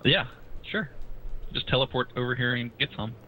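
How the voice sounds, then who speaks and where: A man's voice: medium pitch, normal speed, bright, forceful tone, faint music behind, rough recording. A man from South Carolina with a Southern accent, chatting and teasing as a guest on a stream. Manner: playful, teasing, repeats words for fun. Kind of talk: casual chat.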